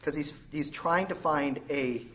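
A man in a Bible study group speaking reflectively and hesitantly, with many pauses and fillers. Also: fairly high pitch, a crowd in the background, low-quality recording. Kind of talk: group discussion.

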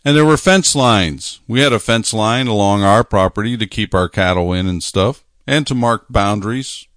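A man preaching a sermon, talking emphatically, repeating phrases and slowing down to stress his points. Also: fairly low pitch, fairly bright tone, no echo, studio quality.

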